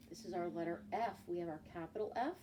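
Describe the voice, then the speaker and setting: A woman teaching a children's phonics lesson, slowly and patiently naming letters and stretching out example words. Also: fairly low pitch, warm tone. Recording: voice from a distance, faint background noise.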